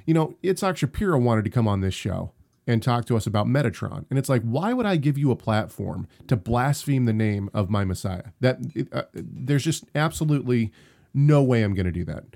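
A man's voice: medium pitch, very animated, fairly quick, vocal fry, darkish tone. A young man co-hosting a casual live-streamed podcast, talking in emphatic, rambling runs with frequent restarts. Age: young adult. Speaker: podcast co-host.

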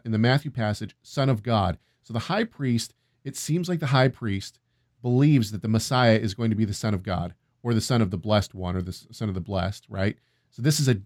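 A man co-hosting a casual scripture discussion, reading passages aloud and thinking out loud, often checking in with "right?". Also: on the low side, no room sound, studio quality. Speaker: co-host of a Bible discussion.

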